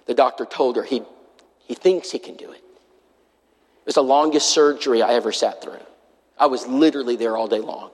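A man's voice: mid-range voice, steady tone, a little fast, pauses often, a little mellow. A man preaching a sermon, telling a story in an earnest way and acting out the other people's lines. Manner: earnest, acts out quoted voices. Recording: long hall reverb.

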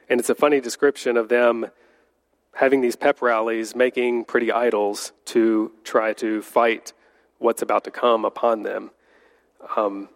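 A man leading a Bible study, reading scripture aloud and explaining it in an unhurried way, correcting his own slips as he goes. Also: mid-range voice. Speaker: Bible teacher. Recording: long hall reverb.

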